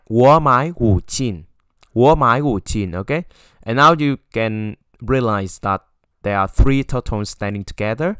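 A man teaching a language lesson, stopping often to say "okay" and repeating example phrases in a louder voice. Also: lowish voice, clean tone, no echo, studio quality. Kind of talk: explaining a textbook lesson.

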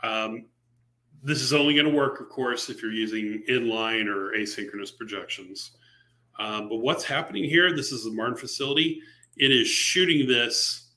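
A man presenting a software library at a virtual user group meetup, talking casually with fillers, restarts and sarcastic asides. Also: medium pitch. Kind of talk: technical presentation on a live stream. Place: remote meetup talk over a video call.

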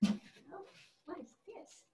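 A woman's voice: slow, mellow, a little hiss or hum, lightly acted. Woman playing a genteel 1800s widow storyteller. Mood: fond. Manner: fond, chatty storyteller with exclamations. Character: genteel 1800s widow recalling her family. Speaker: actress portraying a historical first lady. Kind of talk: live one-woman historical reenactment. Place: stage before a live audience. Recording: roomy hall from a distant mic.

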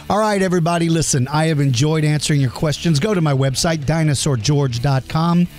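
A man's voice: on the high side, darkish tone, no room sound, clean studio sound. Earnest, chatty man hosting a podcast. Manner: earnest and chatty, explains with simple comparisons; self-deprecating and apologetic over hard names. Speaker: podcast host answering listener questions. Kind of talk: casual podcast Q&A.

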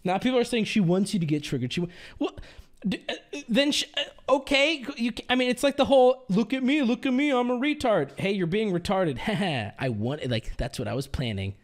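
A man's voice: sits high, sing-song, fairly quick. A man streaming live, ranting angrily with heavy swearing and exasperation. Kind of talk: angry live-stream rant.

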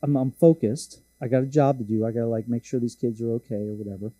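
A man's voice: mid-range voice, fairly even intonation, quick pace, mellow, slightly rough, no echo. A man preaching a sermon, telling a story in a casual, joking, self-deprecating way. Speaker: pastor.

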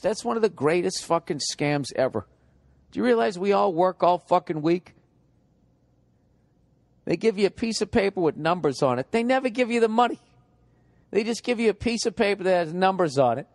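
Profane ranting man, higher voice. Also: no room sound. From United States. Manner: profane, ranting, animated storytelling. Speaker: podcast host. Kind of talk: comic podcast monologue.

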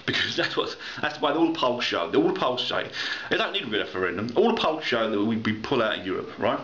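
A man's voice: mid-range voice, very animated, brisk, pushed and bright, slight background noise. A man delivering a heated, swear-laden political rant, often repeating himself. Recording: echoey lo-fi room recording.

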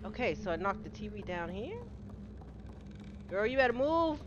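A woman's voice: mid-range voice, normal speed. A middle-aged woman streaming a game live, chatting casually, greeting viewers by name and laughing often. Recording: slightly dull home-stream audio with steady noise.

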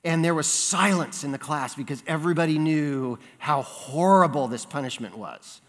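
A man preaching a sermon, telling a childhood story in an animated way and acting out the voices in it. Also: fairly high pitch, moderate pace. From California. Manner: animated storyteller, acts out voices in his anecdotes. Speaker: pastor. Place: church sanctuary. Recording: long reverb of a church sanctuary.

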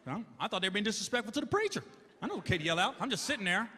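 High-voiced stand-up comedian man, noisy. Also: very animated, very fast, pushed and bright. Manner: wry storytelling, chuckling at his own lines. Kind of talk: stand-up routine.

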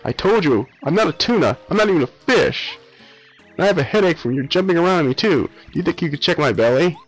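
A man voicing a whale with a bellyache, in a whiny pleading tone higher than his own voice. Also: animated, fairly quick, breathy edge, soft background music.

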